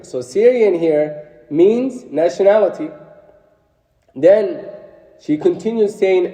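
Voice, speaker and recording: Man, Arabic teacher, reads lines then translates, dark mellow tone, long reverb. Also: on the high side, expressive, a little slow. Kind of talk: explaining a textbook lesson.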